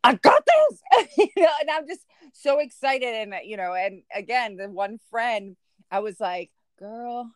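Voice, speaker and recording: A woman's voice: medium pitch, normal speed, clean tone, no room sound, studio quality. A woman chatting casually as maid of honor, blunt and playful, often laughing. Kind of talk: casual chat.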